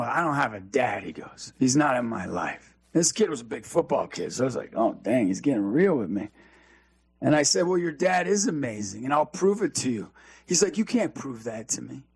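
A man with a gravelly, slightly husky voice tells an energetic, preachy story. He acts out the dialogue as he goes. The sound is dry and close. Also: medium pitch, dry recording. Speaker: youth speaker and guest. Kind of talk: storytelling in a faith talk interview.

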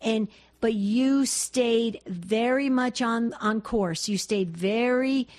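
A woman's voice: a little high, slow, darkish tone. A woman hosting a call-in radio show, effusive and repetitive, often stumbling over restarts.

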